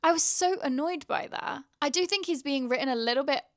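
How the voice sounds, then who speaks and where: A woman's voice: high-pitched, brisk, no echo, clean studio sound. A young woman chatting casually in a reading vlog, gushing and rambling with lots of fillers. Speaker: book vlogger.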